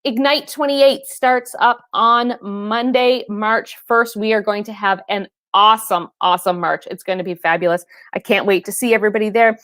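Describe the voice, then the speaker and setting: A woman's voice: mid-range voice, fairly even intonation, normal speed, few pauses, fairly bright tone, no room sound, clean studio sound. A woman fitness trainer hosting a casual live stream, chatting and laughing with viewers and calling them by name.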